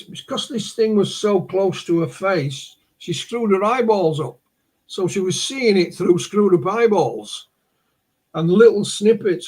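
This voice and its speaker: With a husky, darkish voice pitched high, this northern English man talks through a case as a narrative while a guest on a podcast. He keeps stopping and beginning his words again.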